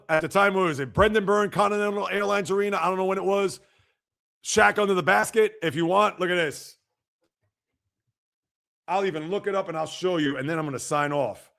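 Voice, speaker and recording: A man's voice: high-pitched, fairly quick, vocal fry, a bit bright. A man hosting a sports livestream, chatting casually and teasing viewers as he reads and answers their comments. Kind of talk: casual live-chat banter.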